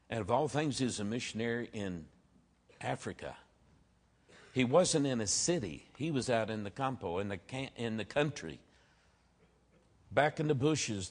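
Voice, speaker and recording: A middle-aged man preaching a sermon, telling stories earnestly and leaning hard on key phrases. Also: fairly low pitch. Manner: storytelling preacher, earnest, varies loudness for emphasis. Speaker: pastor.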